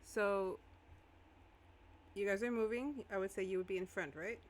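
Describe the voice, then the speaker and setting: A woman's voice: medium pitch, normal speed. A woman acting as game master in a live-streamed tabletop game, narrating casually and laughing often.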